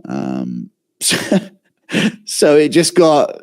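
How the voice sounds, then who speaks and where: Lively man streaming casually. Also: medium pitch, normal speed. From England. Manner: swears freely, rambling banter with lots of fillers. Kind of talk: casual live-stream chat answering viewers.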